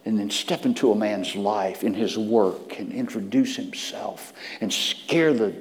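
A man preaching a sermon, swinging between hushed whispers and loud emphatic peaks. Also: on the low side, unhurried, long reverb tail.

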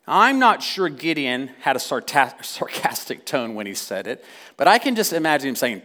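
A man's voice: medium pitch, very animated, normal speed, sharp tone. A man preaching a sermon, impassioned and building repeatedly to emphatic peaks. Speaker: pastor.

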